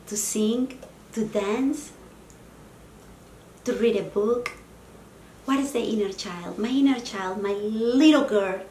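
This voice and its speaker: Woman in her forties, Spanish accent, earnest heartfelt vlogger, mid-pitched, echoey room, faint hum behind. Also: a little mellow. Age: 40s. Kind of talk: personal self-help vlog.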